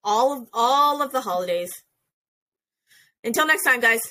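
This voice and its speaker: A woman co-hosting a podcast, chatting in a bubbly, excitable way. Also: a little high, normal speed. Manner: bubbly, exclaims and restarts often. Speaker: podcast co-host. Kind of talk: casual podcast chat.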